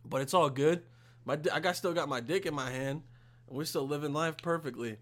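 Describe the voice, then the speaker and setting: A young man hosting his own podcast, ranting casually to the camera in a profane, rambling way with loud bursts of exasperation. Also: on the high side, brisk. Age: young adult. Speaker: podcast host.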